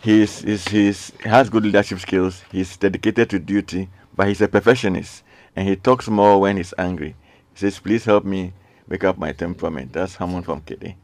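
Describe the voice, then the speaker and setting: A man's voice: deep voice, fairly even intonation, moderate pace, few pauses, no echo. A man hosting a radio call-in show, earnestly reading out listener messages and repeating his requests. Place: radio studio.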